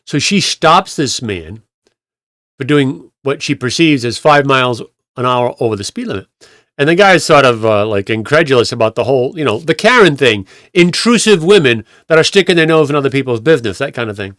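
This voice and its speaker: Rambling pastor with a dry, close voice. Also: male voice, a little high, lively intonation, a little fast, a bit bright, no echo. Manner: rambling, retells clips with acted quotes, many restarts. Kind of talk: conversational sermon storytelling.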